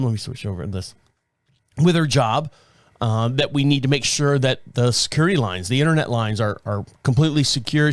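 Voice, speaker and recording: A man in his fifties hosts his own show and chats loosely, doubling back and restarting his sentences as he goes. His voice sits at an ordinary middle pitch. The recording is dry and close, with no room sound around him. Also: no room sound. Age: 50s. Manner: rambling, self-correcting storytelling. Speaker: podcast host. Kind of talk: casual solo talk.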